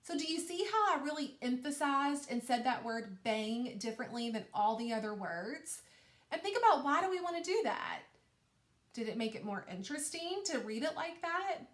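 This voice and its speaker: A woman teacher giving a recorded reading lesson to young children, talking slowly and encouragingly. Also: fairly high pitch, expressive. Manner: slow, patient, encouraging teacher talk. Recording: echoey room.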